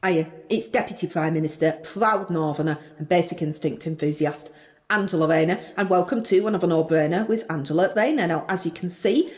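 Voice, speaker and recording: A woman's voice: on the low side, fairly quick, darkish tone, natural voice. A woman with a Northern English accent playing a brash, chirpy parody of a female politician, telling a cheeky, self-mocking story in a comedy sketch.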